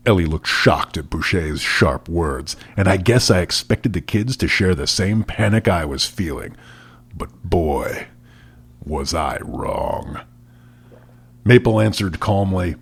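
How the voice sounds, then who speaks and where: A man's voice: low-pitched, animated, slow pace, vocal fry, a bit bright, breathy edge. A man co-hosting a comedy podcast, reading a book aloud and chatting wryly. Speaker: podcast co-host. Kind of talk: casual chat and dramatic reading.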